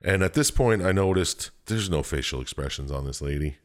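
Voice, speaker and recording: Very deep male voice, swearing often, lively game recap, casual chat. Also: a little fast. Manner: profane, animated storytelling.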